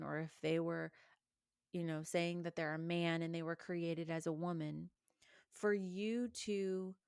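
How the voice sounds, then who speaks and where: Earnest woman with a gravelly low voice. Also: a little mellow, no room sound, clean studio sound. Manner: earnest, encouraging, exhorting listeners. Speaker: Christian podcast host. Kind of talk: personal faith reflection.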